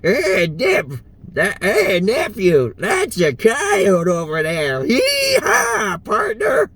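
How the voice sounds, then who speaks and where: A man's voice: sits high, huge pitch swings, very slow, vocal fry, fairly bright tone, breathy edge, no room sound, voice pushed up, full character voice. A man voicing a dirty, hollering hillbilly uncle, a farmer, with yee-hawing outbursts.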